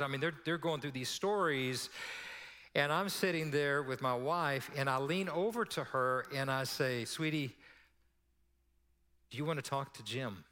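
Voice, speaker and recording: A man, preaching a sermon as pastor and telling stories in an animated way. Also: a little high, big-room sound. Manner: storytelling, animated, drops to a hush for quoted prayer.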